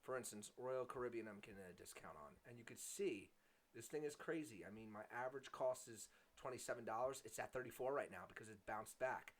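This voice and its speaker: A man's voice: medium pitch, a little fast. Male vlogger with a mid-range voice, casual and chatty, full of fillers and a bit self-mocking. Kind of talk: casual vlog talk.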